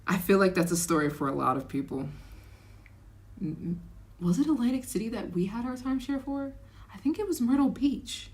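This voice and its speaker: A young woman hosting a casual livestream, chatting excitably and reacting to viewer comments. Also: medium pitch, a little fast. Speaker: livestream host.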